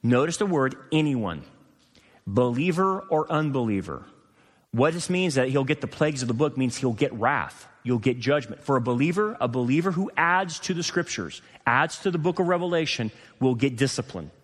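Pastor preaching in a reverberant hall. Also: male voice, animated, moderate pace. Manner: rises to impassioned, higher-pitched pleading; teaching verse by verse, explaining scripture. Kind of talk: sermon.

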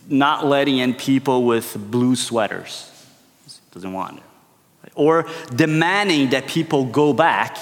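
Preacher guy telling a story to warm up his sermon, keeps asking "right?", mid-pitched voice, long hall echo. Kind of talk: conversational sermon opener.

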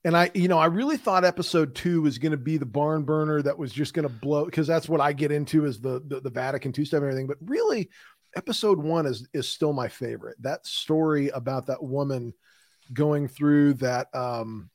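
A man co-hosting a podcast in casual chat, giving emphatic opinions in an animated way. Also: fairly high pitch, fairly quick, dry recording, clean studio sound. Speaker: podcast co-host.

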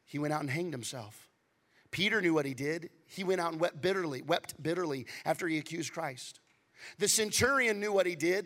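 A male pastor preaching a sermon, swinging from loud, animated passages to hushed near-whispers. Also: high-pitched.

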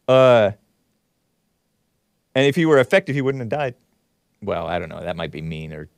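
A man hosting a call-in talk show, ranting sarcastically and reacting with quick laughs and asides. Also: mid-range voice, no room sound, studio quality. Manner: animated, sarcastic, swings loud and soft, laughs at his own jabs.

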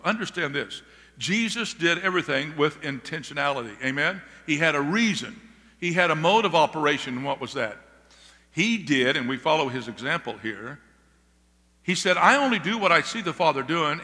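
A high, bright male voice preaching with emphatic energy, tossing questions back to his congregation. His words ring out with a long reverb in a church sanctuary. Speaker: pastor. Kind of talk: sermon. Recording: long reverb of a large hall.

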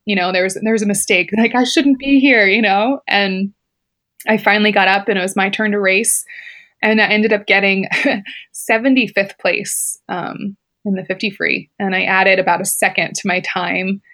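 A woman's voice: mid-range voice, moderate pace, a bit bright. A woman, a former competitive swimmer, chatting casually as an interview guest and telling a personal story, laughing often and filling her speech with "like" and "you know".

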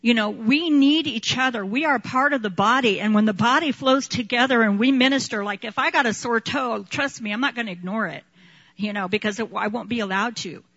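Bright-voiced woman preaching a sermon. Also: fairly high pitch, brisk, muffled recording. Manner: conversational, laughing often, acting out little dialogues. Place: church hall with a live congregation.

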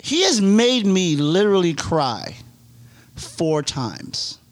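A man co-hosting a podcast, telling stories in an animated way and swearing freely in casual chat. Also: high voice, slow. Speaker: podcast co-host.

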